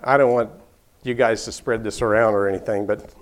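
A man's voice: fairly low pitch, fairly even intonation, a little fast. An older man telling a personal story in an easygoing way, chuckling often and restarting his sentences.

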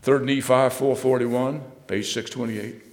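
A man preaching a sermon, reading scripture aloud and then expounding it, swinging between loud emphatic bursts and low, quiet asides. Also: steady tone, measured pace, long reverb tail.

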